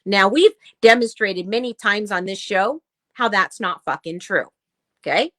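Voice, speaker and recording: A woman's voice: medium pitch, animated, a little slow, pushed and bright, no echo. Blunt, profane woman ranting. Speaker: podcast co-host. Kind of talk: casual chat.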